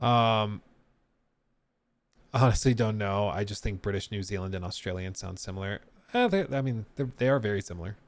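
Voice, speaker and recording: A man's voice: fairly low pitch, expressive, moderate pace. A man streaming live, talking casually and answering his chat, with frequent fillers and trailing asides.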